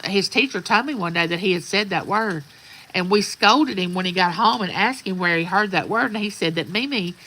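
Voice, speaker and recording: A woman's voice: fairly low pitch, pushed and bright, rough recording. An older woman, telling folksy stories in a rambling, casual chat outdoors. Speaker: vlogger. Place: outdoors at sunrise.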